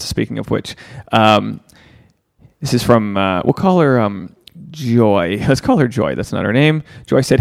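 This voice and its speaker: A man hosting a podcast, giving casual advice and answering listener emails in an animated way, swearing freely and acting out the voices he quotes. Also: medium pitch, creaky, dry recording, studio quality. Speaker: podcast host.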